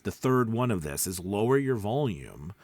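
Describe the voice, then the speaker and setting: Male voice-over coach, low voice with wide swings in pitch, close-miked and dry. Casual teaching tone. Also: big pitch swings, moderate pace, no room sound. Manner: demonstrates pitch, drops deep and quiet then rises. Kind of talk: casual video lesson. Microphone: close studio mic.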